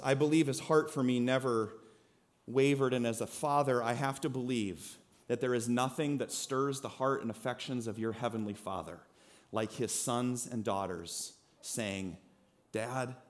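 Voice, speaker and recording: A man in his thirties preaching a sermon, telling a lively personal story and then speaking quietly and earnestly. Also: medium pitch, measured pace. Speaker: pastor.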